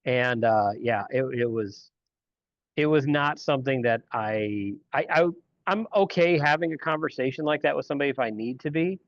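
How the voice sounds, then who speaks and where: A man's voice: mid-range voice, moderate pace, no echo. A man hosting a podcast, telling casual stories in a rambling way with restarts. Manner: rambling storyteller with frequent restarts. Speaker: podcast host. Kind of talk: casual chat. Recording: dry, dull lo-fi sound.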